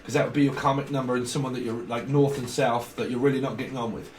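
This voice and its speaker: A man's voice: mid-range voice, steady tone, fast talker. A man giving a rambling tarot reading. He chats casually, swears now and then, and acts out little snippets of dialogue. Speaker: tarot reader. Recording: echoey room with faint background noise.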